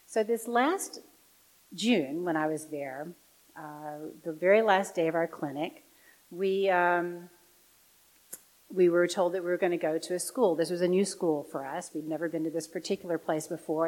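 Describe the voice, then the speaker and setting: Lady telling a church group her story, lowish voice, gets lively then goes real quiet. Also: moderate pace, poor audio. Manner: animated storytelling, dropping soft and quiet for serious moments. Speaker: volunteer audiologist giving a parish talk. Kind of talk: personal storytelling talk.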